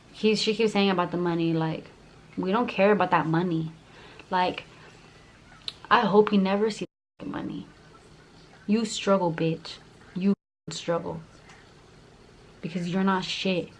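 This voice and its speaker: A woman's voice: medium pitch, a little hiss or hum. A young woman telling a heated storytime vlog, profane and full of "like" fillers. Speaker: YouTuber.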